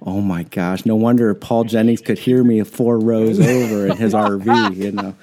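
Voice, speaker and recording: A man on a podcast chatting casually, telling animated stories and often breaking into laughter. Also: lowish voice, normal speed, noisy background. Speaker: podcast co-host.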